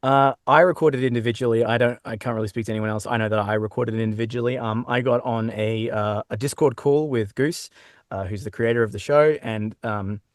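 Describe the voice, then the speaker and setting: A man with an Australian accent, chatting as a guest in an interview, talking in quick restarts and laughing easily. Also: medium pitch, no room sound, clean studio sound. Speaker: guest voice actor. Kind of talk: casual interview chat. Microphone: own microphone.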